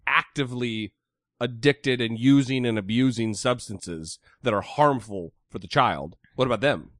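A man's voice: mid-range voice, measured pace, fairly bright tone, dry recording, clean studio sound. A man co-hosting a casual podcast, blunt and opinionated, swearing freely and firing off heated rhetorical questions. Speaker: podcast co-host.

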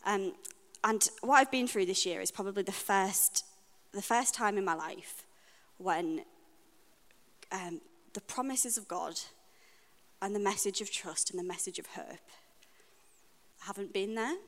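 A woman with a British accent preaches an earnest, deeply personal sermon, pausing often to reflect. Her voice rings out with a long reverb in a church hall. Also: a bit bright. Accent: British English.

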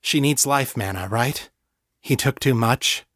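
Blunt brisk young woman wizard in an audiobook, read by a man, dry close sound. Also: medium pitch, a bit bright, dry recording, natural voice. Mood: steady.

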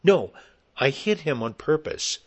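A man's voice: on the high side, lively intonation, measured pace, husky, voice pushed up. A man doing a panicked young woman. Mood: indignant. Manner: breathless, pleading. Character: frightened young woman after a crash.

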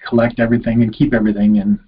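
Husky, sympathetic male podcast host. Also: mid-range voice, flat delivery, racing. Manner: sympathetic, affirming, with easy laughs. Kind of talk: casual interview chat. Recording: slightly muffled, dull audio.

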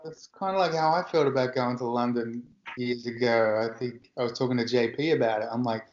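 A man's voice: medium pitch, steady tone, a little fast, a little hiss or hum. A man hosting a casual interview, nudging with short affirmations and questions. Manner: encouraging, lots of short affirmations. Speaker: interviewer, host. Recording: roomy, muffled recording.

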